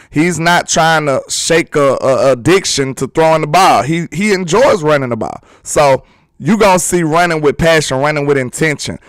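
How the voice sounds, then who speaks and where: A man hosting a sports livestream, chatting casually and excitedly while reading viewer comments. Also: medium pitch, no echo, studio quality. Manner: excitable, talkative, teasing with chat.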